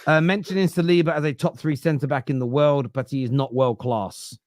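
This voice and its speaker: Thinking out loud with many restarts, the Southern English host of a football podcast lays out his point piece by piece in casual conversation. He speaks briskly in a slightly high, fairly even, a little mellow voice, with studio sound and no room tone.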